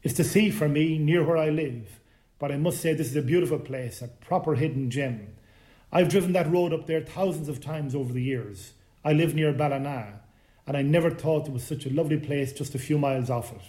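A man's voice: fairly high pitch, a little fast, warm tone, lightly acted. A man voicing a hardy English woman of about seventy who forms every word precisely. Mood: brisk. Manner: precise, each word cleanly formed. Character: hardy older English woman swimmer, crisp and brisk.

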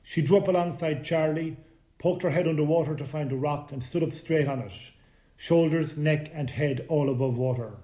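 A man narrating a short story in a calm, measured reading voice. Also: a little high. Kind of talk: scripted narration.

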